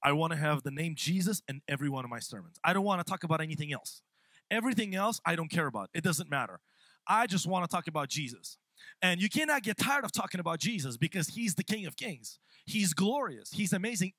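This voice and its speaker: A young man preaching a sermon in a church on a microphone, lively and quick to laugh, often repeating his words as he goes. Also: high-pitched, no room sound. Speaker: pastor. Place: church sanctuary. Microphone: handheld or stand mic.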